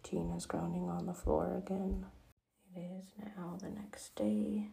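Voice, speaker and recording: Slow gravelly whispering woman, whispered role-play. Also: on the low side, flat delivery, low-quality recording. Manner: soft whispered retelling. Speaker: storyteller.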